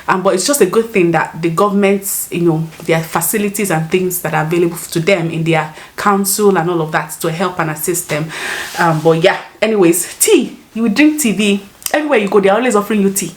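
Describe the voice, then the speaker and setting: A woman's voice: fairly low pitch, fairly quick. Young woman with a Nigerian accent, casual vlogger, talkative and easily amused. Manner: chatty, laughs often, rephrases mid-sentence. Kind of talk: casual chat to camera.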